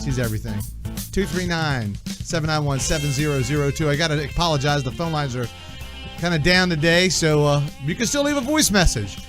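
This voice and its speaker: A man hosting a casual talk radio show, joking in a brash, rapid patter. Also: fairly high pitch.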